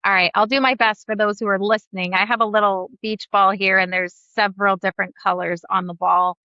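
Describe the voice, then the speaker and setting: A woman with a bright, forceful voice speaks as a podcast guest. She talks earnestly and reflectively and draws on her own life. The remote audio is dry and a little dull. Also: medium pitch, steady tone, brisk, dry recording. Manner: earnest, reflective, shares personal examples. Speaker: guest facilitator. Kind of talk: conversational interview.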